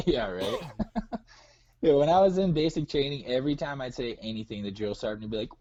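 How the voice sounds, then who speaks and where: Husky Minnesotan caller on a muffled line. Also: male voice, mid-range voice, animated, moderate pace, dark tone. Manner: laid-back, laughs easily. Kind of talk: casual call-in chat. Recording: dull phone-call audio.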